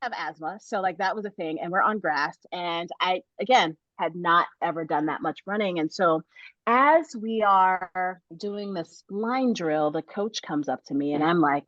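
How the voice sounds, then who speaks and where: Middle-aged woman, lowish voice, animated storytelling, laughs a lot, dry dull-sounding recording. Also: a little slow, no room sound. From United States. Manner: animated, laughs often, many restarts. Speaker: author guest. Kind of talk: casual interview storytelling.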